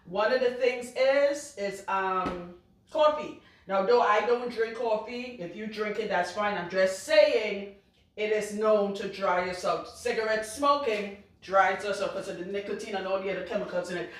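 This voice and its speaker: A woman's voice: medium pitch, moderate pace, recorded from a distance. Blunt Trinidadian woman in echoey room. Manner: blunt, outspoken, cusses freely, laughs loudly. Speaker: loctician. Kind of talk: casual talk to camera.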